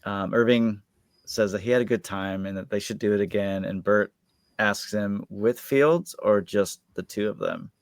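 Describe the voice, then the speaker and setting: A man's voice: lowish voice, normal speed, dry recording, clean studio sound. A man co-hosting a podcast, recapping an episode in a rambling, casual way full of filler words. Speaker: podcast co-host.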